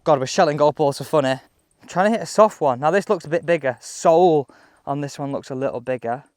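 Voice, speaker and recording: A man chatting excitedly as he reviews golf clubs outdoors on a course. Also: on the high side, fast, no room sound, studio quality. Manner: chatty, excitable, thinking aloud. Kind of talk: casual on-course commentary.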